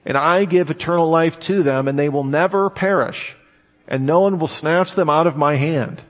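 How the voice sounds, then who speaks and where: A man's voice: a little high, moderate pace, big-room sound. A man preaching a Bible-teaching sermon, reading verses aloud and arguing through each one. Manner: reads scripture aloud and argues each verse.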